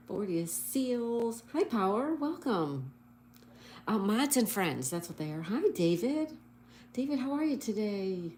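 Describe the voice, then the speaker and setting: A woman's voice: fairly high pitch, lively intonation, takes it slowly, a little mellow, slight background noise. A woman hosting a casual livestream, cheerfully spelling out words letter by letter and reading viewer comments aloud. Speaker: livestream host.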